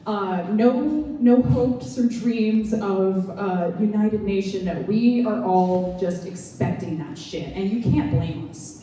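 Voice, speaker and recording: Halting woman doing stand-up. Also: medium pitch, warm tone, slight background noise. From American South. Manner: halting, filler-heavy, dry self-mocking delivery. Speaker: stand-up comedian. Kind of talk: stand-up comedy set. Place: comedy lounge stage, live audience. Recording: roomy club echo, far mic.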